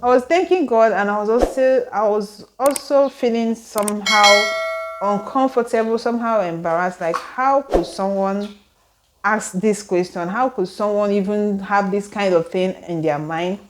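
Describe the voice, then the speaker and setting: A young Nigerian woman with a Nigerian accent telling a personal story to camera, animated and full of rhetorical questions, indoors at home. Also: medium pitch, moderate pace, noisy background. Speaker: vlogger. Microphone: camera mic with ring light.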